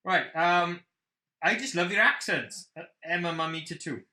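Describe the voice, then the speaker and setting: A young Welsh man co-hosting a podcast in casual chat, talking fast, joking and swearing. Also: sits high, lively intonation, pushed and bright, reverberant. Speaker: podcast co-host.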